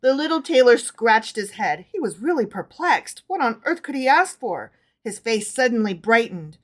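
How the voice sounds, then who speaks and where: A woman's voice: on the high side, sing-song, moderate pace, few pauses. Chatty woman co-host reading aloud. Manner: chatty, checks in with her listener. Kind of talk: casual book club reading.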